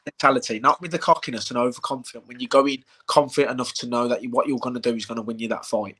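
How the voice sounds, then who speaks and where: A man's voice: mid-range voice, very fast, a little hiss or hum. A man, a bare-knuckle fighter, telling stories in a casual live-stream chat, swearing freely and acting out the lines of people in them. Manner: animated storyteller, heavy swearing, acts out quotes.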